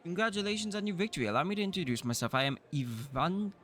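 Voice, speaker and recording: A man reading out the lines of a gracious male high priest in a fantasy game. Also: animated, fast talker, fairly bright tone. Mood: courteous. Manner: courteous, formal. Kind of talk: reading game dialogue aloud.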